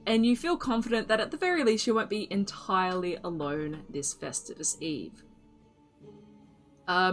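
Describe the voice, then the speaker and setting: Bright-voiced woman game master. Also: medium pitch. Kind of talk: narrating a tabletop game.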